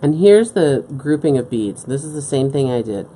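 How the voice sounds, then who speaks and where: Speaking at a normal pace in a warm, expressive bass voice, a woman leads a live beading stream from her work table. She patiently explains each step and keeps checking in with "okay?", with slight background noise behind her.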